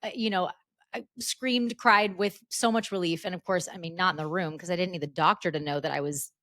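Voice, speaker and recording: A woman in her thirties hosting a podcast, telling a personal story in a casual, animated way with lots of restarts. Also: fairly low pitch, brisk, no echo, studio quality. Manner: animated, breathless retelling with many restarts. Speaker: podcast host.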